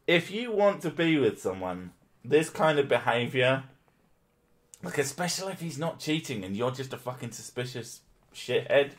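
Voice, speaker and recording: A man's voice: medium pitch, very animated, moderate pace. Male streamer, sarcastic and profane, joking at a desk mic. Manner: sweary, sarcastic, laughing often. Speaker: streamer host. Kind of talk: casual chat.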